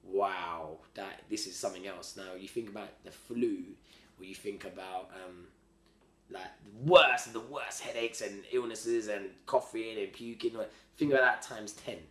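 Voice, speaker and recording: A man with a lowish voice tells a long story in loose, slangy, animated talk, doubling back on himself as he goes. The room around him is echoey. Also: normal speed. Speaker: podcast guest. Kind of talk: casual storytelling. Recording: roomy echo.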